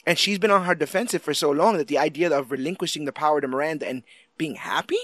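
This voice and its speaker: A man co-hosting a casual chat about a TV series, animated and quick to act out lines from it. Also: fairly high pitch, no room sound, studio quality. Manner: animated, acts out quotes in lively voices. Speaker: podcast co-host.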